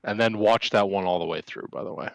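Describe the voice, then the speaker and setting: A man's voice: on the low side, fast talker, creaky, no room sound. A man on a sports podcast tossing in laid-back remarks. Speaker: podcast co-host. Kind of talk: casual sports chat.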